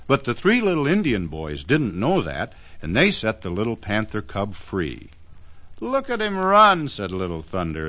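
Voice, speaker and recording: Man, children's storybook narration, animated pitch, gentle, muffled lo-fi sound. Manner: gentle, expressive reading with asides to the listener. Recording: dull lo-fi record.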